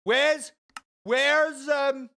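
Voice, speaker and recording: A man's voice: extremely high pitch, steady tone, extremely slow, sharp tone. A man streaming a game live, chatting with viewers in a sarcastic, rambling way full of stammered fillers.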